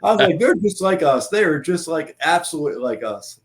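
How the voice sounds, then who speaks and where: A man's voice: on the high side, a little fast. A man telling war stories in casual chat, laughing often and swearing freely. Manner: laughing, profane, animated anecdotes. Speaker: former Marine guest.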